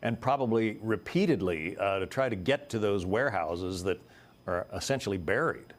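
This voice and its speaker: A man's voice: lowish voice, lively intonation, moderate pace. A man anchoring a TV newscast, chatting with a correspondent in a conversational way. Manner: conversational, prompting the reporter. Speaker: TV news anchor. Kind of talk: broadcast news exchange.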